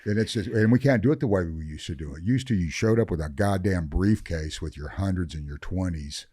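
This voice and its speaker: An older man with a very low, deep voice speaks bluntly and swears freely, ranting with fired-up conviction. The sound is close and dry, with no room around it. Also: a little fast, dark tone, breathy edge, no echo. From Northern California. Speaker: veteran cannabis grower guest. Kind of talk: podcast interview.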